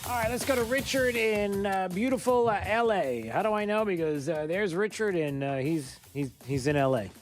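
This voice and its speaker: A man hosting a talk radio show, running a quiz with a caller and chatting in a halting way full of fillers. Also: high voice, expressive, faint music behind.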